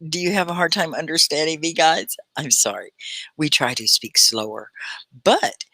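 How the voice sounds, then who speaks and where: A woman hosting a live online English lesson, chatty and animated, laughing often and slowing down to stress key words. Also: sits low, no room sound. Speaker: ESL teacher and livestream host.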